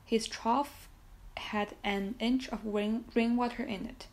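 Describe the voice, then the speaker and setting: A woman reading a children's book aloud in a gentle, steady storytelling manner with the odd small slip. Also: a little high, takes it slowly, vocal fry, rough recording.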